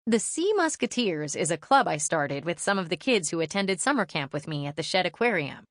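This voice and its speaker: A woman reading a children's audiobook aloud in first person, lively and expressive storytelling. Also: on the low side, a little fast, no room sound, studio quality. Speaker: audiobook narrator.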